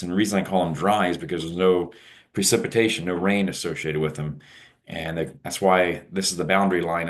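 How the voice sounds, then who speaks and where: A man giving an informal weather forecast over maps, talking in a loose, conversational way and thinking aloud. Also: sits low.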